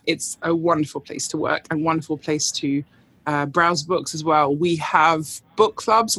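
A woman's voice: low voice, fairly bright tone, husky, no echo. A woman bookseller as a podcast guest, chatting enthusiastically and laughing often. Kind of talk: casual interview chat.

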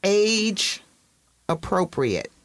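Unhurried, teasing middle-aged woman co-host who laughs easily. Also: mid-range voice, sing-song, dry recording. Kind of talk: casual chat.

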